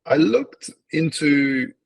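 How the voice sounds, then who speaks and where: A man's voice: a little high, big pitch swings, takes it slowly, vocal fry, no echo, highs cut off. A man hosting an interview, telling long rambling stories in casual chat. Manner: rambling storyteller with fillers and restarts. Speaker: interview host.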